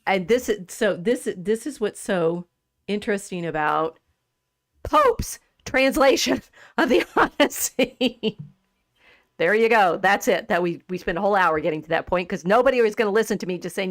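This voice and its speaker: A woman's voice: medium pitch, normal speed, no echo, clean studio sound. Chatty, laughing woman host. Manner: animated and chatty, laughs often, trails off mid-sentence. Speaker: podcast co-host. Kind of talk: casual livestream chat about poetry.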